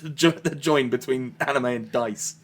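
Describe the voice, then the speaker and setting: A man's voice: medium pitch, moderate pace. A British man, an actor guest on a podcast, easygoing and modest, chatting casually. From Britain. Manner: easygoing, modest, laughs often. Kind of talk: casual interview chat.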